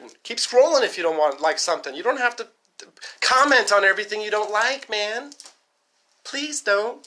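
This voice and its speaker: A fast-talking man ranting to camera in a rambling, profane vlog. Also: high voice, sharp tone. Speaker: vlogger. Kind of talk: casual rant to camera.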